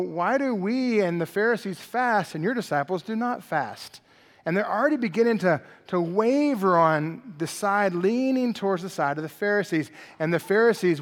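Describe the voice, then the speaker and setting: A male pastor preaching an expository sermon in a conversational, animated way, often checking in with the congregation. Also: fairly high pitch, big-room sound. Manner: conversational, animated preaching with frequent "right?" asides.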